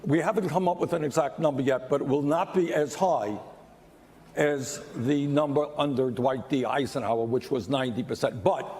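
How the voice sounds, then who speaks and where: A man's voice: medium pitch, normal speed, a little mellow, slight background noise. Earnest male candidate in a reverberant hall. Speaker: presidential candidate. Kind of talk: debate answer.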